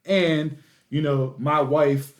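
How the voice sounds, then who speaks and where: A man in his thirties chatting casually as a podcast co-host. He tells stories with animated energy and gets louder and higher when he reaches a punchline. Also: takes it slowly. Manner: animated storytelling, rising excitedly at punchlines.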